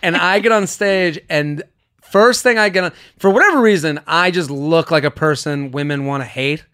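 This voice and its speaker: A young man with a fairly high voice hosts a casual podcast. He tells stories with energy, mimics the people in them and swears freely. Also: normal speed, clear, resonant tone. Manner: animated storyteller, acts out quotes, swears freely. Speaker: podcast host. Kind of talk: casual chat, storytelling.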